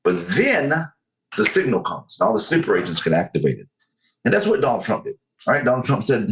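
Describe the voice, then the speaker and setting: Low-voiced earnest man explaining. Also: very animated, a little fast, rough recording. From United States. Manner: earnest, explaining with analogies, many fillers. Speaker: podcast guest. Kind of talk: casual podcast conversation.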